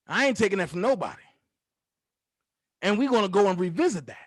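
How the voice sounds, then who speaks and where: A man's voice: high-pitched, expressive, fairly quick, long pauses, no room sound, studio quality. A man hosting his own commentary channel, delivering a heated, profane, taunting call-out rant full of repeated jabs.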